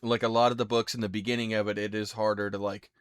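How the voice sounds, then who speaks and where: A male podcast host in easygoing, rambling casual chat, quick to laugh. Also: lowish voice, flat delivery, smooth, no echo.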